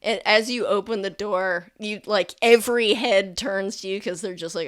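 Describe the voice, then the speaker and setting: A woman's voice: mid-range voice, moderate pace, few pauses, fairly bright tone. A woman narrating as game master of a tabletop game, chatty and rambling, often laughing.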